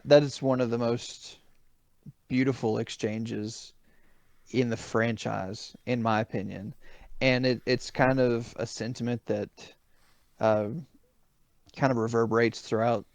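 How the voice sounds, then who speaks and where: Man, gravelly mid-pitched voice, dry close mic, gaming podcast co-host, easygoing. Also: a little mellow, no room sound. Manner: thoughtful, many fillers and restarts. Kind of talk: casual podcast chat.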